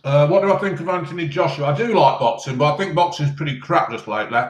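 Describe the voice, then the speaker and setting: A man rambles through a live chat between mouthfuls, with lots of ums. His voice sits a little high for a man. The room rings with a noticeable echo. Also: fast. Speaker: live-stream host answering chat. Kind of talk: casual live chat while eating. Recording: roomy echo.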